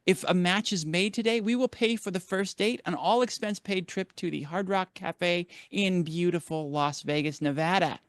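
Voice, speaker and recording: A man hosting a mock game show with showy announcer flair. His voice is high and smooth. The sound is dry and close. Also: normal speed, hardly any pauses, no room sound.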